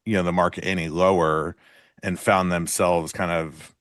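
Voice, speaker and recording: A man co-hosting a live trading show, chatting casually and explaining market ideas in a relaxed way. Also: low-pitched, normal speed, no echo, studio quality.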